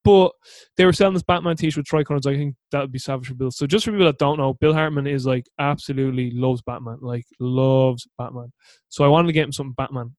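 Man, Irish accent, podcast host, casual rambling storytelling, middle pitch, dry close recording. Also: quick pace, a little mellow, no room sound. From Ireland. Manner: rambling, chatty, many fillers and restarts.

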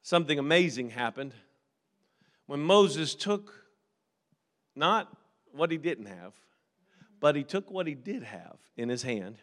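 A man's voice: on the high side, fairly bright tone. A man preaching a sermon with fervent, repetitive, call-and-response exhortation, slipping into acting out biblical figures. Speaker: pastor.

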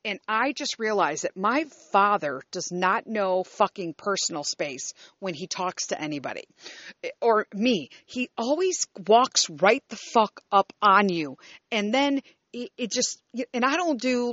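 A woman's voice: medium pitch, animated, takes it slowly, a bit bright, no room sound, lo-fi sound. A woman in her fifties ranting casually to her viewers, exasperated and profane, rambling and restarting her sentences. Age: 50s. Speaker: vlogger. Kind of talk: casual rant to camera.

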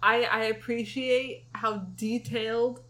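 A podcast co-host chats casually in a playful, teasing manner, giggling frequently. She speaks slowly in a slightly high, fairly bright voice with a level tone.

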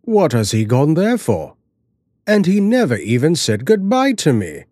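A man's voice: on the high side, huge pitch swings, measured pace, dark tone, dry recording, studio quality, voice pushed up, exaggerated voice. A man voicing a worried, plain-spoken middle-aged father in a storybook reading. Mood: uneasy.

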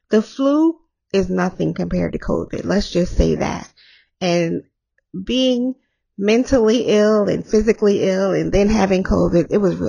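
Hoarse woman podcast host, slow and raspy, candid and rambling. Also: fairly low pitch, dark tone. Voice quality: gravelly. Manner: candid, rambling, laughs often. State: hoarse after illness. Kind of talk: candid solo podcast talk.

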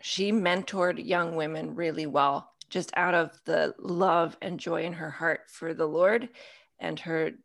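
Female podcast guest, slight vocal fry, easy laugh, relaxed chat. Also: lowish voice, unhurried. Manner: warm, laughs easily. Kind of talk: casual chat.

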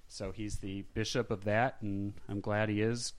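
A man's voice: fairly low pitch, little pitch movement, a little slow. A man co-hosting a casual podcast, talking in a rambling, jokey, self-deprecating way. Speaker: podcast co-host. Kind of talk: casual chat.

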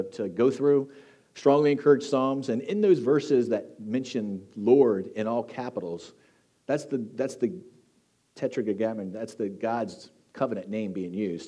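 Man, casual sermon, mellow, conversational with fillers. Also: medium pitch. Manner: conversational, joking, frequent fillers and restarts. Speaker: teaching team preacher. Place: church hall with congregation.

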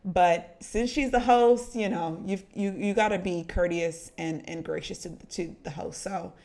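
A woman co-hosting a podcast, recapping reality TV in casual, animated chat and calling the listener honey. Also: lowish voice, a little slow. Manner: chatty, animated, says honey a lot. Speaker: podcast co-host.

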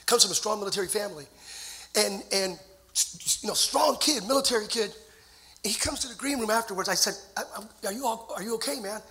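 A man in his forties preaches to his church with a high, piercing, very bright voice. He tells stories from the pulpit and rises into shouted, ringing climaxes. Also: a little fast. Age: 40s. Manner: storytelling preacher who builds to shouted climaxes. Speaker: pastor. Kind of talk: sermon. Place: church sanctuary.

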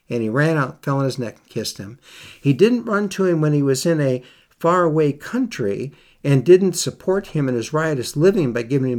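A man's voice: medium pitch, a little mellow. A man preaching a sermon, reading scripture aloud and repeating key phrases for emphasis. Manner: reads scripture in King James wording.

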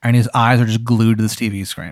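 A man runs an improvised role-playing game, narrating in a casual, meandering way with frequent swearing. His voice sits in an ordinary middle pitch. The recording is dry and close. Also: little pitch movement, quick pace, no echo. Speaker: game master.

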